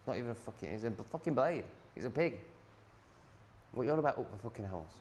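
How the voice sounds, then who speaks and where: A man's voice: mid-range voice, lively intonation, fast, a little mellow. A man ranting casually at home in a blunt, sardonic way, swearing freely. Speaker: vlogger.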